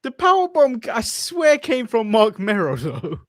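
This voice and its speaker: A man's voice: extremely high pitch, wildly swooping pitch, measured pace, fairly bright tone. A man with an English accent co-hosting a podcast, chatting casually with chuckles and hesitant restarts. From England. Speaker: podcast co-host. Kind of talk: casual watch-along chat.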